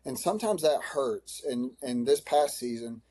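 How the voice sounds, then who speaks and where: A man, a high school running coach, answering in a podcast interview, earnest and emotional, with many restarts. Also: animated, normal speed, warm tone.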